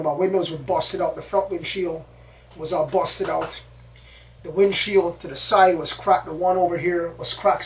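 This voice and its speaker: A man hosting his own channel, telling a story in the first person in a rambling, repetitive way. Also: on the high side. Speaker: channel host. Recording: distant mic, faint background noise.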